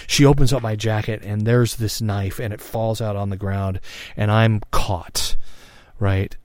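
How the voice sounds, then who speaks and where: A man's voice: fairly low pitch, no room sound, studio quality. A man of fifty telling a personal story in a frank, reflective monologue, swearing freely and often restarting his sentences. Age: 50s. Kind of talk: candid spoken monologue.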